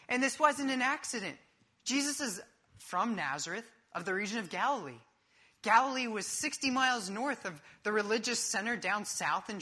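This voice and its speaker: Bright, high-voiced man preaching animatedly. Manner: animated, vivid storyteller. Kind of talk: sermon with personal storytelling.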